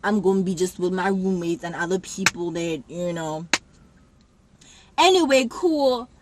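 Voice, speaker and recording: A young woman telling a personal story to camera in a casual, animated way, acting out what people said. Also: on the low side, a little slow, noisy background. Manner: animated, acts out quotes with sudden loud jumps. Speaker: vlogger.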